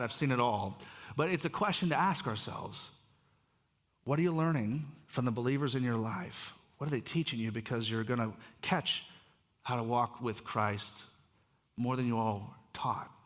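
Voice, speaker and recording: A man's voice: medium pitch, a bit bright, big-room sound. A man who is a pastor, giving a conversational sermon in a church and putting questions to the congregation. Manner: conversational, restarts phrases, asks the congregation questions. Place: church sanctuary.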